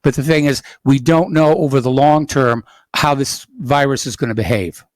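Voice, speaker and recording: A man hosting a talk radio show, giving commentary to a caller in a measured, matter-of-fact way. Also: mid-range voice, dry recording, poor audio.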